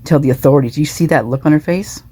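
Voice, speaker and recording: A woman's voice: sits low, fast, warm tone, husky. A woman giving indignant, emphatic reaction commentary on an interview clip, repeating herself for emphasis.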